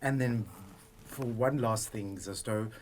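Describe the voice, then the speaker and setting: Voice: mid-range voice, slow, darkish tone, slight background noise. An interviewer asking casual, upbeat questions and laughing along.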